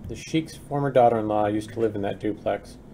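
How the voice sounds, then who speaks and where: Guy streaming his game dev, lowish mellow voice, chatty, keys clacking in the back. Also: a little fast, creaky. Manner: chatty, reads chat aloud and mutters while working. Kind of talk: casual live-stream chat while working. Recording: faint noise with keyboard typing.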